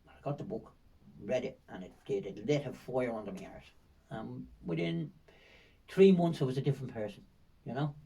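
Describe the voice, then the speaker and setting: A man's voice: medium pitch, moderate pace, gravelly, warm tone, breathy edge, far from the mic, poor audio. Older Dublin man telling rambling stories. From Ireland. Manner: rambling, vivid storytelling with frequent fillers and repetitions. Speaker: guest. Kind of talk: storytelling in a podcast interview.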